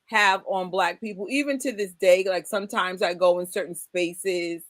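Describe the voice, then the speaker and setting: A woman's voice: medium pitch, normal speed, no room sound. Woman in her forties, host, casual chat, emphatic, laughs often, dry close sound. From United States. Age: 40s.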